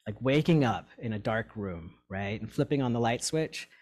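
A man speaks openly to his meditation group about his own path, in a candid, halting way. He loops through fillers and restarts, and his voice sits at an ordinary middle pitch for a man. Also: lively intonation, darkish tone. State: tearing up. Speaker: sangha member sharing his story. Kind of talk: personal talk to a meditation group.

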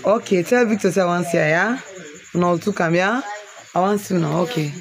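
A woman from Sierra Leone with a Krio accent, vlogging outdoors in a family compound on a handheld phone. She teases with quick questions and also explains things. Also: fairly low pitch, a crowd in the background. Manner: teasing, rapid questioning, then explaining. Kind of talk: casual vlog talk, teasing and touring.

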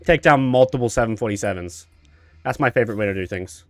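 A man's voice: mid-range voice, fast talker. A man streaming a video game with casual commentary, joking, cocky and swearing.

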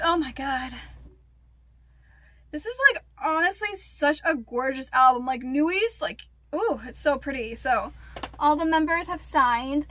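A young woman vlogger chatting casually through an unboxing, gushing and excitable with lots of gasps and fillers. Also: high-pitched, a little hiss or hum.

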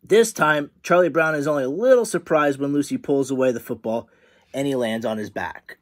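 A man, a teacher, reading a picture book aloud to children in a friendly, animated way. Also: medium pitch, moderate pace. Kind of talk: storybook read-aloud for children.

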